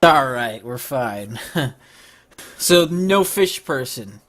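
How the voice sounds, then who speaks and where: A man's voice: mid-range voice, expressive, extremely slow, fairly bright tone. A man playing in a tabletop game who presses the game master with questions. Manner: pushy, questioning. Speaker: player. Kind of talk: casual in-character tabletop play.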